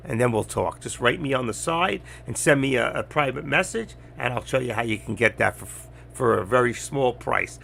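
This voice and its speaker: An older man talking bluntly and rambling on a trading live stream, getting louder as he teaches. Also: mid-range voice, expressive, moderate pace, creaky, few pauses, slight background noise. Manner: blunt, rambling, gets loud when teaching. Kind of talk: casual live-stream talk.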